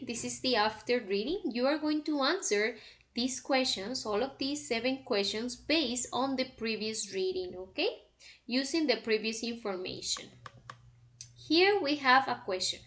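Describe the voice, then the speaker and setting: A woman's voice: high voice, lively intonation, a little slow, fairly bright tone. A woman, an English teacher walking her class through homework exercises and checking in with "okay?" after each step. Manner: explanatory, repeats "okay?" often. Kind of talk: recorded lesson walkthrough.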